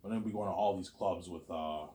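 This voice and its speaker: A man talking in a casual, rambling monologue, repeating words and restarting sentences, with loud excited bursts that drop to low mutters. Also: fast talker. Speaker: vlogger.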